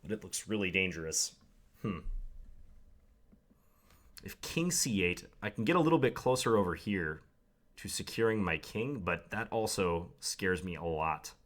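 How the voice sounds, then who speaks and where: A man's voice: low-pitched, animated, measured pace, long pauses, fairly bright tone. A young man commenting live on his own game, thinking aloud with wry, self-deprecating asides. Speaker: chess commentator.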